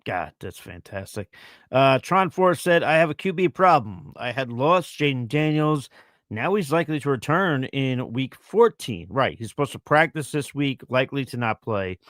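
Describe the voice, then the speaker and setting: On a casual fantasy football show, a male co-host reads viewer questions aloud and reasons through his answers with relaxed fillers. His mid-range voice is expressive and a bit bright at normal speed, recorded cleanly in a studio with no echo.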